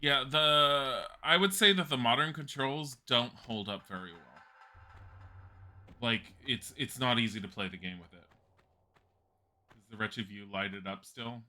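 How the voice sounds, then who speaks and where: Bright-voiced chatty male streamer. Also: mid-range voice, a little slow, long pauses. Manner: rambling, chatty, laughs often, swears casually. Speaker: live streamer. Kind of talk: casual gameplay commentary.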